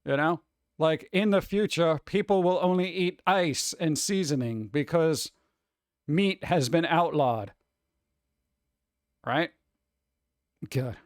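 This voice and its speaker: A man's voice: a little high, slow, pauses often, dry recording, studio quality. A man hosting a casual livestream, rambling from topic to topic with sarcastic jokes. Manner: rambling, jokey, sarcastic asides. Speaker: livestream host.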